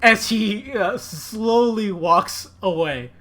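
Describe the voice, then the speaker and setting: A man narrating a tabletop game as game master, telling the story in a lively, animated way. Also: high voice, slow pace, soft background music.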